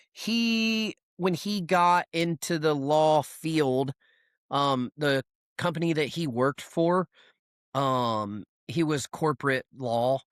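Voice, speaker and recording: Podcast co-host, man, mid pitch, rambling anecdotes, dry close-miked sound. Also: a bit bright, no room sound. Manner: rambling storyteller, many fillers and restarts. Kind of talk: casual chat.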